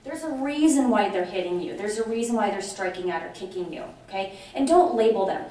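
A middle-aged woman giving a lively conference presentation, chatty and animated, often checking in with her audience. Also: mid-range voice, fast talker, hardly any pauses. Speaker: conference speaker on dementia care. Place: large conference room. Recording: very echoey hall from far off, faint noise.

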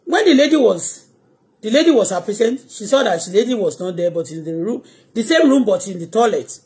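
A woman's voice: mid-range voice, lively intonation, fairly quick, darkish tone. A Nigerian-accented woman on a live-stream vlog, telling long anecdotes emphatically, with frequent asides. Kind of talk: casual live-stream storytelling.

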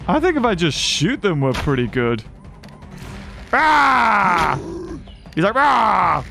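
A man giving excitable let's-play commentary as a gaming channel host. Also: on the high side, fairly quick, faint music behind. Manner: excitable, exclaiming.

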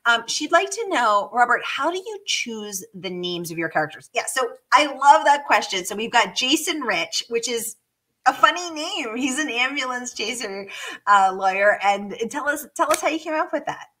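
A woman with a crisp, sharp tone hosts a live online interview. She is playful and enthusiastic and keeps the chat moving on a video call. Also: on the high side, lively intonation, normal speed, low-quality recording. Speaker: host.

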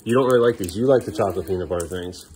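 A man's voice: deep voice, very fast, background noise. A man filming a casual family vlog at home, coaxing and joking with his children as he hurries them through bath time. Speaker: father filming his kids.

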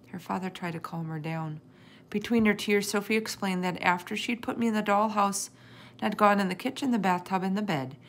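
A woman reading a children's chapter book aloud, narrating expressively in the first person. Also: medium pitch. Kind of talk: storybook read-aloud.

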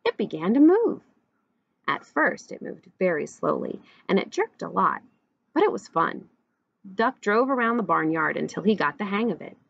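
A woman, a teacher, reading a children's picture book aloud with expressive, animated storytelling. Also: medium pitch, moderate pace, vocal fry, husky, no echo, highs cut off.

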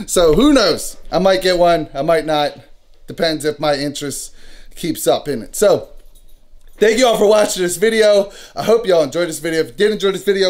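A man in his thirties, an excitable family vlogger, out of breath and loud, wrapping up a home video. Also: high-pitched. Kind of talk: casual home vlog outro.

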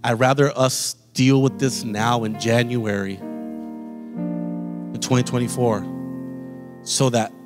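A man's voice: mid-range voice, fairly even intonation, slow, pauses often, over music. Impassioned male pastor in echoing church. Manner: impassioned preaching, addresses the congregation directly. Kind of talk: sermon. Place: church sanctuary. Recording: long reverb of a church hall.

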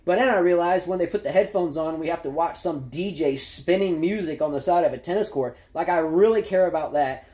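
A man's voice: a little high, a little fast, hardly any pauses, warm tone. A man in his thirties ranting about tennis in a rambling, sarcastic way, full of fillers and side remarks. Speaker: tennis commentary vlogger. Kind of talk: opinionated casual rant.

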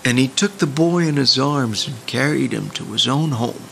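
A man narrating a storybook in a slow, deliberate reading style. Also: medium pitch, gravelly, slight background noise.

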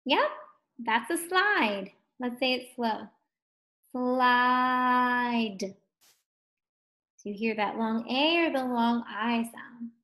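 A woman teaches phonics to first graders in a slightly high voice. She takes her time and sounds each word out clearly, encouraging the children as she goes. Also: lively intonation, takes it slowly, fairly bright tone. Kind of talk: phonics lesson for young children. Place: home distance-learning recording.

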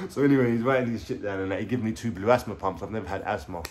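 A man's voice: lowish voice, very fast, a little mellow, slight background noise. A young man with a London accent telling a rambling, slangy story to camera at home, full of fillers and swearing. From England. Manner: rambling, profane street slang, lots of fillers. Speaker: vlogger. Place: indoors at home.

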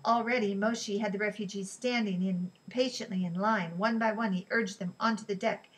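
A woman narrating an audiobook in a steady, even storytelling voice. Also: medium pitch, normal speed, poor audio. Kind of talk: scripted narration.

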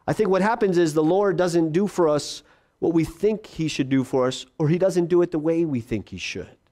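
A male pastor preaching a sermon, acting out quoted voices and dropping to a hush for God's quiet words. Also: normal speed. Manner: drops to a hushed low voice for God's quiet words.

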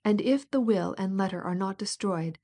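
A scheming older prince, impatient and insistent, pressing his point with smooth coaxing, as a woman narrator reads him. The voice stays mellow and warm. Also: mid-range voice, normal speed.

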